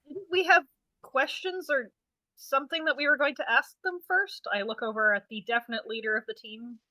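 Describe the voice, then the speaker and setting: A woman player at a tabletop game speaks eagerly in a high, bright voice. The sound is dry and close, with no room around it. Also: animated, normal speed, no room sound, poor audio. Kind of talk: casual tabletop role-play.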